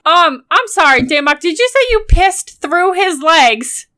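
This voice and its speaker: A woman with an extremely high, bright voice chatting on a group podcast. She reacts bluntly and with open disbelief. Her tone is sharp and lively. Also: a little slow. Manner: incredulous, blunt. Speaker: podcast guest. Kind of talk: casual group chat.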